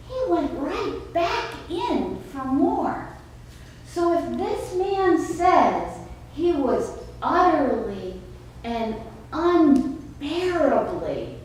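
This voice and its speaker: A woman pastor delivering a sermon, emphatic and storytelling, with dramatic pauses, recorded from far off in an echoey church sanctuary. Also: high-pitched, darkish tone, slight background noise.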